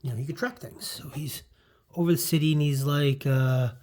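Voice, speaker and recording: A man's voice: a little high, steady tone, moderate pace, darkish tone. A man casually talking through an old comic book, rambling with lots of fillers and restarts. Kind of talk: casual chat.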